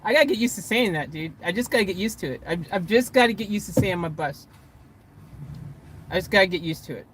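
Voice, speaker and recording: A woman's voice: mid-range voice, animated, fast, slight background noise. A young woman vlogging casually from inside a van, giddy and laughing in disbelief as she rehearses what to say. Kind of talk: excited casual vlog chat.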